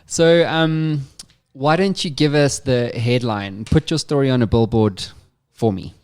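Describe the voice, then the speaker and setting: A man's voice: mid-range voice, measured pace, smooth. A man hosting an interview podcast, chatty and friendly, asking his guest open questions. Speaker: podcast host. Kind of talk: casual interview.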